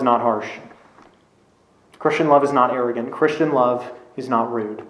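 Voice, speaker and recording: A man's voice: mid-range voice, measured pace, fairly bright tone. A man preaching a sermon in an earnest, emphatic way, driving points home with repetition. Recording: echoey room.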